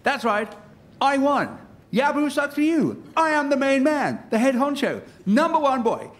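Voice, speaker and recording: A crowing smug leader. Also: male voice, very animated, a little slow, heavily acted. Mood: gloating. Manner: shrill, crowing. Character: gloating smug male prime minister.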